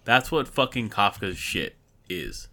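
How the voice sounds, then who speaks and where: A man's voice: fairly low pitch, sing-song, measured pace, pushed and bright. A young man in casual chat, blunt and swearing often.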